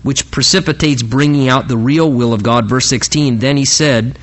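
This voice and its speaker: A man's voice: mid-range voice, moderate pace. A man preaching a conversational sermon, often stammering and restarting his phrases. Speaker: pastor. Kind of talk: sermon, Bible teaching.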